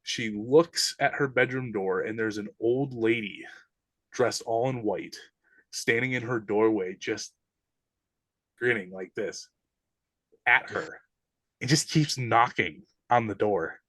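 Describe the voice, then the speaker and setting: A man's voice: fairly low pitch, slow, long pauses, fairly bright tone, no echo. A man, a podcast guest, animatedly recounting eerie experiences in casual, slangy speech. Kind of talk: casual storytelling.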